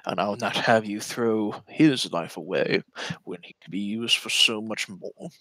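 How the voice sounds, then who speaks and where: An imperious male god of storms and chaos, as a game master puts him on, with a bright, forceful voice. He speaks in grand, commanding phrases, and the sound is dry and close. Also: on the low side, measured pace, no echo, heavily acted, poor audio. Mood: stern.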